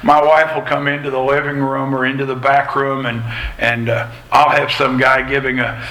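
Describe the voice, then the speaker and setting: A man's voice: medium pitch, sharp tone. A middle-aged man preaching a sermon in a church, folksy and conversational with personal asides. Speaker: pastor. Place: church sanctuary. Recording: echoey church hall, faint ambience.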